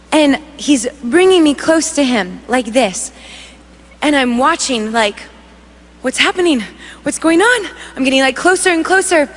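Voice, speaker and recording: A woman in her thirties giving a sermon, telling a story in a lively, conversational way and acting out the voices. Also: high voice. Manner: animated, acts out quoted voices, conversational. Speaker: worship leader preaching. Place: large church hall. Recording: long reverb of a large hall.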